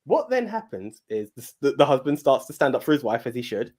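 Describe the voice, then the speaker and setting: A man's voice: medium pitch, sing-song, quick pace, a little mellow. A man co-hosting a podcast, retelling a film in casual chat with stammering repeats and casual swearing. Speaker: podcast co-host.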